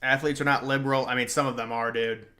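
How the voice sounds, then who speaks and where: A young man talks casually at a mid pitch, reacting to comments as they come in. He uses slang and often trails off mid-thought, like a streamer chatting on his own. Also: flat delivery, quick pace, sharp tone. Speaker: livestream host. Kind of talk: casual political livestream chat.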